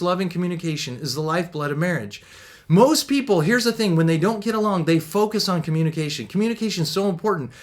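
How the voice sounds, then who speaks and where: Man, middle-aged, high voice, energetic, upbeat, Christian marriage coach, motivational talk. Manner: energetic and upbeat, laughs often; acts out quoted voices.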